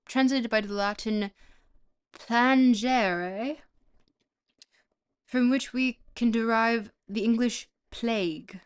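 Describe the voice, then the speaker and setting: Woman streamer reading a book aloud, slow and halting, tired, stumbles over foreign words. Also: medium pitch, smooth. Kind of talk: casual live-stream reading with chat.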